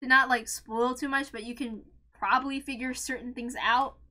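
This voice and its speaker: Super high-pitched woman ranting, upset and teary, yelling and swearing. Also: fairly even intonation, normal speed. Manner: ranting, swears, shouts and voice cracks. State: upset, close to tears. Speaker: channel host reading a visual novel aloud. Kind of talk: emotional reaction rant.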